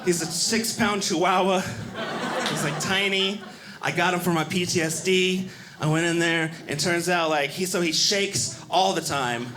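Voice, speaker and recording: A man doing a stand-up comedy set on stage, animated and acting out other people in quick voices. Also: sits high. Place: stage before a live audience. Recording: live club recording with audience noise. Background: audience laughter.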